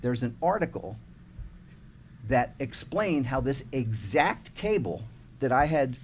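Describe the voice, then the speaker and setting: A male author on a small-town radio talk show tells a story at an even pace, and his voice sinks low and quiet when he confides. A faint noise hangs behind his voice. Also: slow pace. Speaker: guest author. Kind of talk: casual radio interview.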